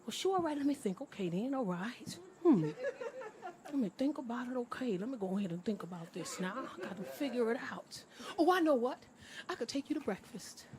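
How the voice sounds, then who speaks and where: A woman's voice: fairly high pitch, big pitch swings, a crowd in the background. Woman putting on a cranky old man. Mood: pondering. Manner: loud scolding, drawn-out pondering. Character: grumpy elderly man, cranky then slowly deliberating.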